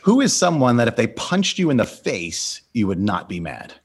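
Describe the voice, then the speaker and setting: A host interviewing a guest, upbeat and quick to laugh while asking rapid-fire questions. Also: male voice, medium pitch, very animated.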